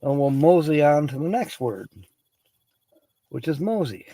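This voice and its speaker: A man's voice: on the high side, animated, a little slow, warm tone, no echo, low-quality recording. A man hosting a livestream, reading word origins aloud, chatting casually, laughing often and greeting viewers by name. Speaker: livestream host.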